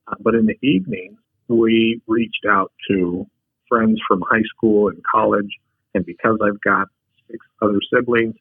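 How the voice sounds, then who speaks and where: A man, a podcast guest, telling personal stories in a humorous, unhurried, casual way. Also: on the low side, slightly rough, dry recording. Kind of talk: casual storytelling. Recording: dry, tinny phone-like line.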